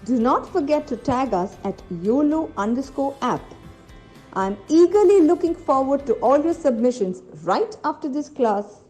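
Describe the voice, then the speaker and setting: Woman, tutorial voice-over, warm mellow tone, lively pitch, soft music behind. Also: moderate pace. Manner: clear, friendly, step-by-step. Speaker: app tutorial presenter. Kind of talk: instructional voice-over.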